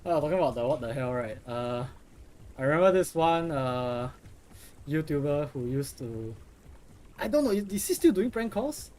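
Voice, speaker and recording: Rambling, profane young gaming streamer. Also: male voice, a little high, big pitch swings, moderate pace, darkish tone. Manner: rambling, profane, restarts a lot. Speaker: game streamer. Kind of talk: casual live gameplay commentary.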